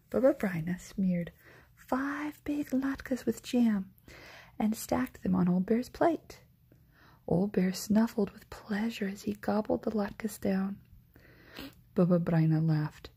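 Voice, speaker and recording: A woman narrating a storybook in a breathy ASMR whisper, very slow and soft. Her voice is dark and mellow, with a gravelly fry running under the hush. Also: medium pitch. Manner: hushed, slow and gentle.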